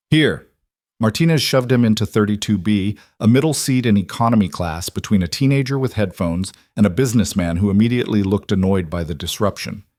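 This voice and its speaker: A man reading a scripted dramatic story in a measured, even delivery. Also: lowish voice, no echo, clean studio sound.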